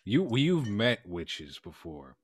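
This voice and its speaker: A man co-hosting a podcast in casual banter, with a deadpan, mock-serious, drawn-out way of talking. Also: fairly low pitch, dry recording. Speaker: podcast co-host.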